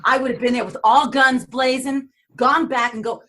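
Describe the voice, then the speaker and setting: A woman's voice: high-pitched, moderate pace. A middle-aged woman with a New York accent, telling set stories as an interview guest and acting out the voices. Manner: animated, acts out voices and screams. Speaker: actress guest. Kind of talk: storytelling interview.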